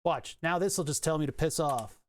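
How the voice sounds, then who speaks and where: A streamer thinking aloud while fixing software on a live stream, cursing and laughing at the frustration. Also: medium pitch, moderate pace.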